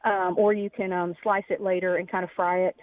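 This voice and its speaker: A woman's voice: lowish voice, level tone, a little fast. A woman calling in to a radio show, explaining at length with many hesitant ums. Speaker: caller. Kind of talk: phone call to a radio show. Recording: tinny phone line.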